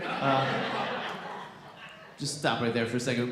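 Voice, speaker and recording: A young man works a comedy crowd with animated, playful timing and chats with the audience between punchlines. His voice sits at an everyday middle pitch. The sound carries a heavy echo from the room. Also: normal speed, pauses often, background noise. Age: young adult. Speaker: stand-up comedian. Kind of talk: stand-up comedy set. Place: small comedy theatre. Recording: echoey venue.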